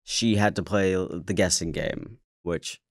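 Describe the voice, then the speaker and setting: A man's voice: low-pitched, measured pace, no room sound, studio quality. A man hosting his own show, telling a personal story in a candid, casual way, swearing and stammering as he goes. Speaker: podcast host.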